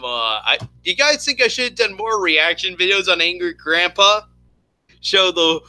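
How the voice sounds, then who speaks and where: Streamer type: man with a high, piercing voice, chatty and rambling. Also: pushed and bright, dry recording, poor audio. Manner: rambling, lots of fillers and restarts. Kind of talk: casual chat.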